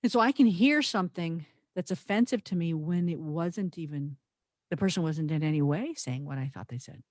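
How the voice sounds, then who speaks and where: Thoughtful woman podcast host, emphatic delivery, lower voice, close and dry. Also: expressive, moderate pace, darkish tone, dry recording. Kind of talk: reflective podcast conversation.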